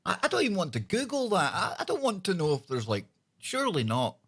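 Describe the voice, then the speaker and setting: Laid-back man with a lively voice. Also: high-pitched, quick pace, breathy edge. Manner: laid-back, rambling, says "man" and "dude" a lot. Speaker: co-host. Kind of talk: casual chat.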